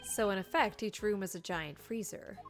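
A woman voicing a composed male prosecutor in a fan dub of a game, speaking in a measured, formal and lightly scolding way. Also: medium pitch, faint music behind, close to an everyday voice.

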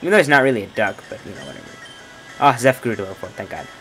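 A man's voice: racing, faint music behind, rough recording. A young man playing a video game and commenting as he goes, joking and trash-talking the characters on screen. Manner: joking, trash-talks game characters, lively swings of pitch. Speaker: let's play gamer. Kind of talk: playthrough commentary.

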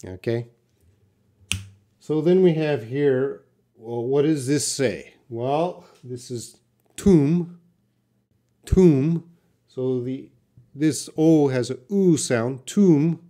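A man teaching English on a live stream, slowly answering viewers' questions one by one. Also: medium pitch, warm tone. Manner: slow, patient, reads out viewer questions. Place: classroom with a whiteboard.

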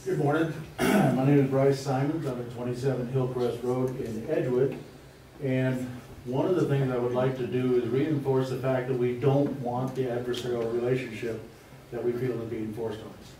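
Man with a dark, echoey far-off voice. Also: medium pitch, fairly even intonation. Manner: formal, measured, pointed. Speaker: resident speaking at public comment. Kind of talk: public comment at a school board meeting. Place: large meeting room. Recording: echoey hall, mic at a distance, faint noise.

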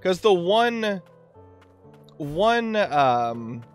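Gaming host, male, high lively voice, unhurried, whoops and yelps through fights. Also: clear, resonant tone, faint music behind. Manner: excitable, yelps and whoops during combat; talks to the boss and himself. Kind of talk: let's play commentary.

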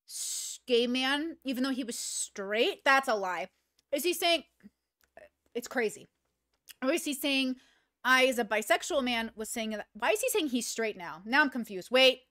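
High, animated woman reacting on camera. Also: dry recording, clean studio sound. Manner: animated, swearing, thinking aloud, pausing to clear her throat. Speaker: commentary host reacting to a video. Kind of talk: casual reaction commentary.

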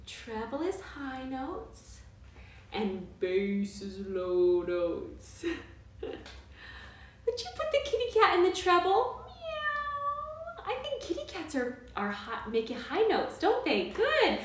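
A woman teaching a live online music class for small children, speaking in a bright, coaxing, sing-song way. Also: sits high, sing-song, slow. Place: indoors at home during quarantine. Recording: very echoey room, mic at a distance.

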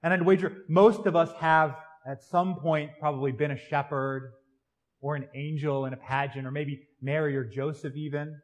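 Casting note: American male priest, slightly higher voice, chatty, joking sermon delivery in a church. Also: fairly even intonation, normal speed. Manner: conversational and joking, with tag questions. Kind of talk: Christmas Eve sermon.

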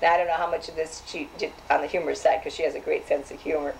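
A woman's voice: sits low, steady tone, racing, vocal fry, a little hiss or hum, low-quality recording. An older woman reminiscing as she reads old clippings aloud, chatty and hesitant, with frequent restarts. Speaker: safety program founder.

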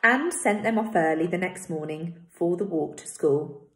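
A woman teacher reading a novel aloud to her pupils in a steady, expressive voice. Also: lowish voice, normal speed. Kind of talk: read-aloud storytelling. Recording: roomy echo.

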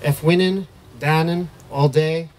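A man's voice: fairly high pitch, steady tone, a little slow, darkish tone, pitched above the performer's own voice, close to an everyday voice. A man doing a Southern American accent to voice a preacher-like figure calling out to his people in a poetry reading. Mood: preaching.

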